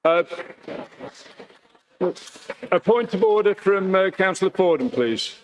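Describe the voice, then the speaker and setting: A man's voice: high voice, animated, takes it slowly, dull audio, slight background noise. A man chairing a council meeting, who calls speakers in a polite, procedural way with frequent ums. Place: council chamber.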